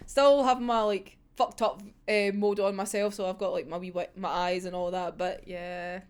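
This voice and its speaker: A woman's voice: medium pitch, steady tone, normal speed, clean tone, pitched below the performer's own voice, natural voice. A woman doing a smug, unbothered young villain. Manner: casual, offhand, deflating.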